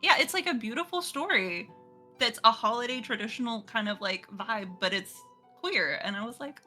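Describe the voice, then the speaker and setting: Bright, lively woman at a game table. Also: a little high, faint music behind. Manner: bubbly, chatty and quick to laugh. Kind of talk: casual live-streamed tabletop play.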